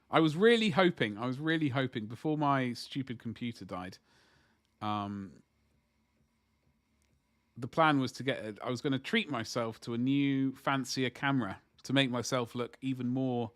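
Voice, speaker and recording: A man's voice: medium pitch, measured pace, pauses often, a bit bright. A man chatting casually to viewers on a livestream as he paints miniatures, rambling and joking in asides.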